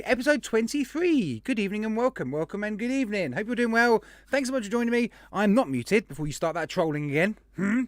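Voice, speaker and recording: A man's voice: sits high, very animated, quick pace, hardly any pauses, no room sound. A man hosting a casual livestream, rambling and greeting viewers by name. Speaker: livestream host.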